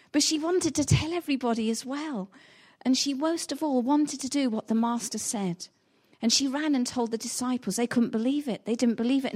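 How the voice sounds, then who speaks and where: A woman's voice: sits high, darkish tone. A woman preaching a sermon, retelling a Bible story in a storytelling way and acting out the quoted lines with rising intensity.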